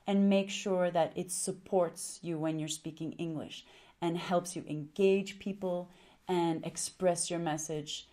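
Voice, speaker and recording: A woman's voice: fairly low pitch, steady tone, dark tone. A woman coaching English learners on how to use their voice, acting out example sentences as she explains. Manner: deliberate, demonstrates intonation with example sentences. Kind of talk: teaching to camera.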